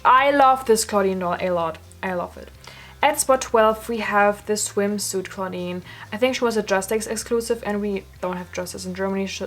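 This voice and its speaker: Gushing young woman reviewing dolls. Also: mid-range voice. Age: young adult. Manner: gushing, effusive, swears casually. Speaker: doll collector vlogger. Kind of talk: casual review vlog.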